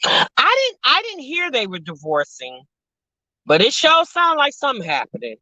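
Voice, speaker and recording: Woman, sassy casual chat, slightly high voice. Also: wildly swooping pitch, normal speed, bright, forceful tone, no echo. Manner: chatty, sassy, addresses viewers as sis and y'all. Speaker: show host reacting to reality TV. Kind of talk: casual live-stream chat. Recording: dull lo-fi dry sound.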